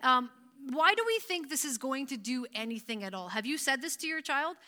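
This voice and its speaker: A woman from Canada delivers a church sermon with a bright, clear tone and a fairly high voice. She talks in a chatty, animated way and laughs easily as she speaks. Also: fairly quick. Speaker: pastor.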